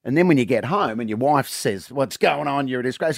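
An Australian man, a comedian, telling a joke on radio in an animated storytelling way, acting out the voices. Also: medium pitch, brisk, creaky, dry recording, studio quality. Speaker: comedian guest. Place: radio studio. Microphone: studio mic.

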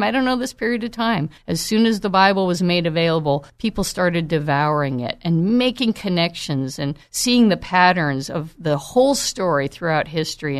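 A woman with a somewhat low voice gives devotional Bible teaching on a podcast. She talks earnestly and with wonder, and reads hymn verses in a slow, reverent way. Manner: earnest, marvelling, slow reverent recitation of carol lyrics.

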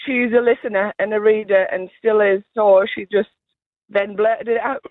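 Mum calling in over a phone line. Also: female voice, medium pitch, fairly even intonation, normal speed, dry recording. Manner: chatty, laughs while telling. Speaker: radio caller, mother. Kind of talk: telling a family anecdote on the phone.

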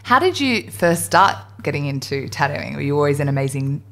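Woman podcast co-host, lively pitch, animated storytelling, casual chat. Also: fairly quick. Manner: animated storyteller, acts out voices with big pitch swings.

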